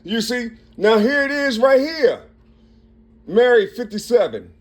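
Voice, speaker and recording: A man recording himself in a rambling monologue, working through numbers and letters aloud with halting restarts and asking "you see?" again and again. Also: very high-pitched, lively intonation. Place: Cincinnati, Ohio.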